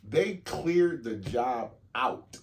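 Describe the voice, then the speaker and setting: A man co-hosting a podcast, telling stories in casual chat, animated and swearing freely. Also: medium pitch, very slow. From Jamaica. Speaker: podcast co-host.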